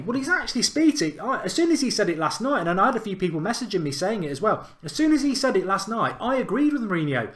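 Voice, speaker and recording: Guy hosting his fan channel, fired-up football rant, a bit high-voiced, keeps hammering the same point. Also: big pitch swings, fast talker, hardly any pauses, a bit bright. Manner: emphatic, indignant, repeats points for effect.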